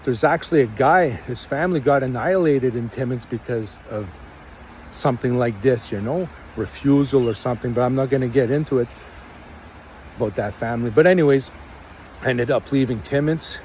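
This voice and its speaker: Casting: Canadian man, mellow low-key tone, rambling first-person storyteller, faint street traffic behind. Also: brisk, low-quality recording. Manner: rambling, earnest, acts out quotes.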